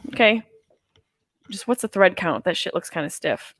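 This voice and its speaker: A woman's voice: fairly low pitch, animated, normal speed, a bit bright. A woman in her thirties hosting a live movie watch-along from home, rambling and joking with crude humor while stoned. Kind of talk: casual live-stream chat. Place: house, at home.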